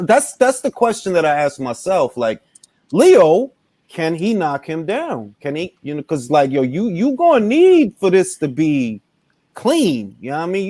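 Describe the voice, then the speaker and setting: A man's voice: sits high, mellow, no room sound. A man hosting a casual boxing panel chat, talking in an emphatic, slangy way. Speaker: podcast host.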